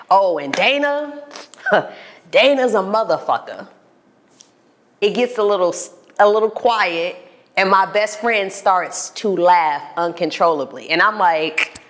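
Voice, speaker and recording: A young adult woman, telling a personal story to camera in an animated way and acting out the voices of the people in it. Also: medium pitch. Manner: animated, acts out voices in retold dialogue. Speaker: vlogger. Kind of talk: storytelling monologue.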